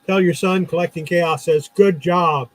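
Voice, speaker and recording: A man's voice: sits high, steady tone, measured pace, low-quality recording. A middle-aged man, a former comic shop owner, chatting casually and telling anecdotes with frequent laughs. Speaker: comic shop owner turned podcast host. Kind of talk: casual storytelling chat.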